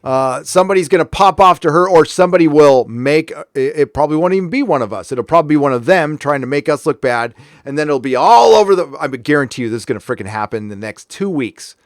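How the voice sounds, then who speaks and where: A man from California rants as host of his own show, sarcastic and heated. His voice sits a little high for a man. The sound is dry and close, with no room echo. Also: lively intonation, fast talker, few pauses. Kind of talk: casual commentary rant.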